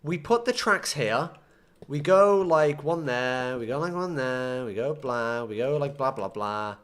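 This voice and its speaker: A man's voice: a little high, animated, unhurried, a bit bright. A young man commenting casually on his own gameplay, muttering to himself and breaking into frustrated outbursts. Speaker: gaming streamer.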